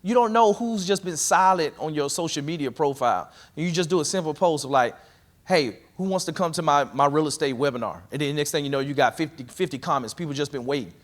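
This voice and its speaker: A fast talker with a voice on the high side, this man runs a live workshop on investing in real estate. He speaks to the room with energy and a conversational style, coaching listeners directly.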